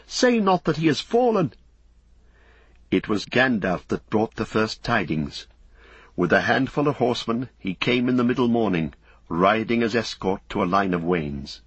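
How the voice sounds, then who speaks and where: A man narrating an audiobook in an even, steady storytelling voice. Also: lowish voice, normal speed, slightly rough, no echo. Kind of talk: scripted narration.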